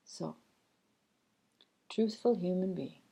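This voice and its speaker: A woman channeling a loving spirit guide, giving a slow, measured, gently instructive spiritual message with many pauses. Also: on the low side, gravelly, husky, full character voice. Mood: gentle teaching. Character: collective loving spirit guide, calm and teaching.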